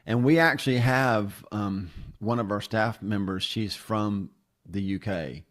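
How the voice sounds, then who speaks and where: A man with a fairly low-pitched, unhurried voice, a pastor who hosts a podcast, chats casually in an interview setting and tells self-deprecating stories.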